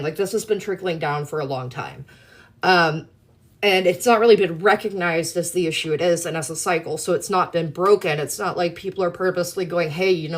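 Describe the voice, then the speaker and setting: A woman hosting a live stream, chatting casually and swearing freely. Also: fairly low pitch. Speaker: livestream host.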